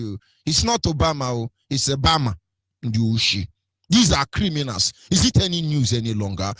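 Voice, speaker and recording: A man's voice: mid-range voice, slightly rough, no room sound. A man with a Nigerian accent giving an impassioned political monologue as a radio commentator, fiery and rhetorical, pressing the same questions again and again with biting sarcasm. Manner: sarcastic, mocking.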